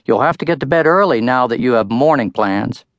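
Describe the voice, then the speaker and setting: A man's voice: mid-range voice, lively intonation, a little fast, no echo, highs cut off, close to an everyday voice. A man voicing a stern, scolding farm mother who talks sharply.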